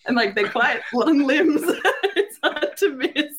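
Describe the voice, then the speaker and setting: A woman's voice: high-pitched, expressive, slow pace, a crowd in the background. An Australian woman, a guest on a podcast call, teasing the host and laughing as she talks. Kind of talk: casual chat. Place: home, video call.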